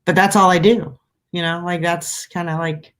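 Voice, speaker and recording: A woman hosting a casual chat, an animated storyteller who laughs often. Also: fairly low pitch, moderate pace. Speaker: host. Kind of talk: casual conversation.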